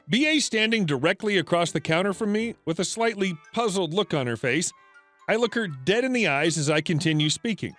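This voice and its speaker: A man's voice: fairly high pitch, lively intonation, normal speed, fairly bright tone. Man reading a story over music. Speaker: story narrator. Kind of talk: scripted narration of a reddit story. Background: faint background music.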